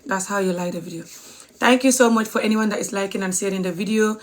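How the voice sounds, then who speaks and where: A woman's voice: mid-range voice, steady tone, brisk. A woman giving a casual language lesson on social media, talking to her viewers, repeating words and spelling them out letter by letter. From Gambia. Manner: chatty, addresses viewers as guys. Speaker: language teacher.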